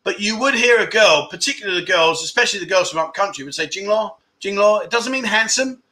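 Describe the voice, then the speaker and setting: A man hosting a livestream chat show, reading out viewer comments in a jokey, teasing way with animated outbursts. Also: high-pitched, fast talker.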